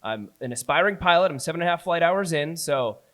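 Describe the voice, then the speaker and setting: A podcast host with a slightly raised pitch leads a casual conversation. He is easygoing and tosses out corny dad jokes, talking in quick bursts. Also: animated, fairly bright tone. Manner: joking, fond of dad jokes. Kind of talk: casual chat.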